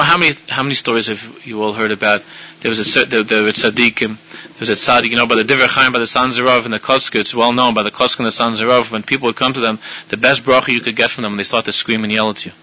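A man, a rabbi, giving a sermon full of animated storytelling with frequent restarts, in a dull lo-fi recording. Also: medium pitch.

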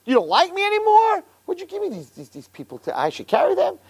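A man acting out an anguished, weary male leader who pleads in a high, exasperated voice. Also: wildly swooping pitch, quick pace, no echo, exaggerated voice.

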